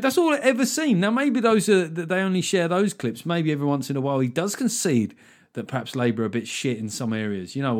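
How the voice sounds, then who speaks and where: Young english guy doing a solo podcast, sardonic and rambly, swears a lot. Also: medium pitch. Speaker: podcast host. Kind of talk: casual solo political chat.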